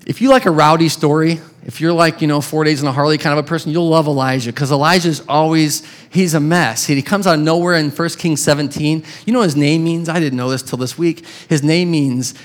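A man's voice: fairly high pitch, normal speed. A man preaching a sermon as pastor, casual and conversational, with chuckles and restarts.

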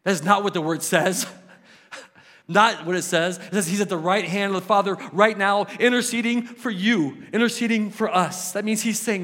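A male pastor with a rather high voice delivers a passionate, unhurried sermon, moving from loud exclamations down to near-hushed questions. Every phrase is followed by a long hall reverb.

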